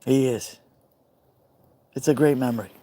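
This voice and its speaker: A man's voice: mid-range voice, measured pace. Man with a New York accent chatting. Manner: warm, reflective, responds to viewers by name. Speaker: livestream host. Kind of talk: casual live chat answering viewer comments. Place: outdoors by a fire pit.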